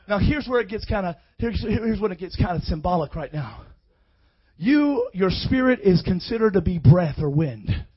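A man's voice: sits high, husky, muffled recording. A man preaching a sermon in a fervent, rhythmic style, calling on his congregation to answer back. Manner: fervent, rhythmic, call-and-response.

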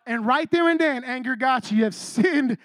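High-pitched male pastor, casual sermon style, keeps checking in with the room, dry close sound. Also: moderate pace, fairly bright tone, no room sound. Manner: conversational, keeps asking "right?" and teases the congregation.

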